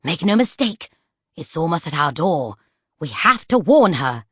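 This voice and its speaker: A woman voicing a sharp-tongued female book of poisons who hisses stern warnings. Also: low voice, very animated, a little slow, husky, no room sound, clean studio sound, full character voice. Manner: hissing, stern.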